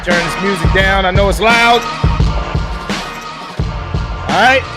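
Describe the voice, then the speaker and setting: Brash New York-accented male streamer, unhurried delivery, loud music bed. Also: high-pitched. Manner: brash and profane, greeting chat viewers. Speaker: livestream host. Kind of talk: casual livestream monologue.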